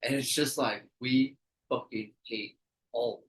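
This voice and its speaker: A man's voice: mid-range voice, fairly even intonation, takes it slowly, a bit bright, distant mic. Laid-back man, roomy, off-mic. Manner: laid-back, rambling, lots of "like" fillers. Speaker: podcast host. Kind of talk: casual chat.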